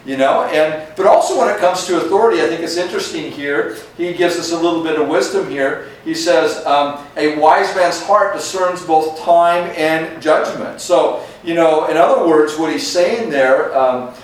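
A man's voice: a little high, moderate pace, hardly any pauses. A man preaching a verse-by-verse sermon as a pastor, in a conversational manner that keeps checking in with "okay?" and "right?". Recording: echoey room from far off, faint noise.

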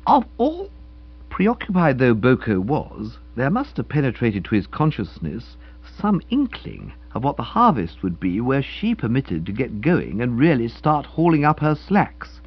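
A male narrator tells a comic tale in a wry, mock-dignified manner, his voice swooping up and down with great animation. The tone is slightly husky, and the recording sounds dull and lo-fi. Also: medium pitch, big pitch swings, unhurried, hardly any pauses. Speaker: audiobook narrator.

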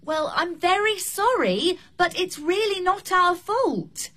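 Brief: a high, animated hotel receptionist, slow and clear. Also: female voice, full character voice. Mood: flustered. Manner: speaks slowly and clearly to be understood. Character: flustered female hotel receptionist. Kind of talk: scripted learning drama.

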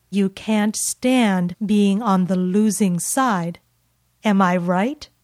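A woman playing a teasing, smug woman in a slow, clearly spoken dialogue for English learners. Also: medium pitch, a little mellow, no room sound, clean studio sound, lightly acted. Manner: playful, taunting, slow and clear.

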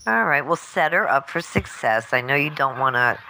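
A woman's voice: rumbling low, lively intonation, moderate pace, sharp tone, rough recording. A woman co-hosting a podcast, chatting casually and offering supportive advice. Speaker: podcast co-host. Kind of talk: casual chat. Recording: faint background noise.

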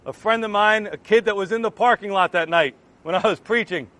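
High-voiced man telling his testimony. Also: fairly quick. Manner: earnest, animated retelling that acts out remembered exchanges. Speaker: Christian giving a testimony. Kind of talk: personal testimony storytelling.

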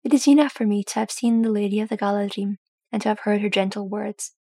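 A woman reading the part of an earnest, courtly dwarf warrior, speaking softly and formally. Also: medium pitch, steady tone, quick pace, husky, no room sound. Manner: soft-spoken, formal courtly speech.

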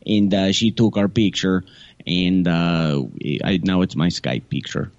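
A man's voice: sits low, unhurried, darkish tone, lo-fi sound. A man co-hosting a podcast, telling a story casually with lots of fillers and restarts. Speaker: podcast co-host. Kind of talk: casual chat.

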